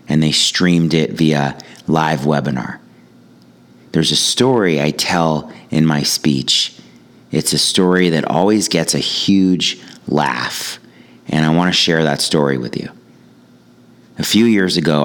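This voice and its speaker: A man with a remarkably deep, low voice tells a personal story. He speaks as a yoga teacher and speaker, calm and reflective, with a wry sense of humor running through the anecdote. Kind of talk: storytelling monologue.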